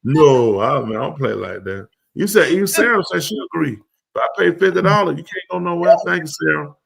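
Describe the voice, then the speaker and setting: A man's voice: fairly high pitch, animated, fairly quick, gravelly, fairly bright tone, husky. A man hosting a live comedy show, riffing loosely and acting out both sides of a conversation in slang for the audience. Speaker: comedic talk show host.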